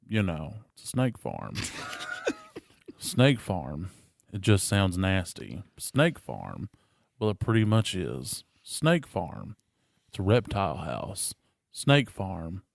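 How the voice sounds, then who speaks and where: A man's voice: low-pitched, very animated, slow pace, gravelly, no room sound. A man co-hosting a podcast, chatting casually and reading aloud in a dry, mock-serious way, giggling between lines. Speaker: podcast co-host.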